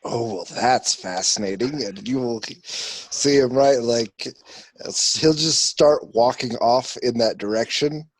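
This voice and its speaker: A man's voice: mid-range voice, slow, no room sound. A man playing a tabletop role-playing game, describing his character's actions with many hesitations. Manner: hesitant, full of restarts and fillers. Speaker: player.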